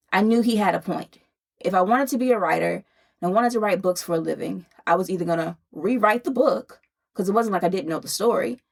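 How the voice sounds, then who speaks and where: Breathless woman, thirties, lowish pitch, gravelly, candid podcast host telling her story. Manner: candid, conversational, laughing now and then. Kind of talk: personal storytelling.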